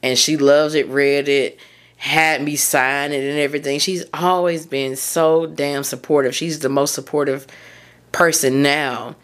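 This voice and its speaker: A woman's voice: deep voice, fairly even intonation, unhurried. Candid woman podcaster. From Tennessee, US. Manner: candid, rambling, self-correcting. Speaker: podcast host. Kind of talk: solo podcast monologue.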